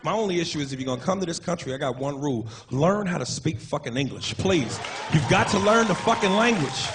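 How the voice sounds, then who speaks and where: A brash, profane stand-up comedian with a high-pitched voice tells animated stories from a club stage through a handheld mic. A roaring crowd and steady room noise sit loudly around his voice. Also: quick pace.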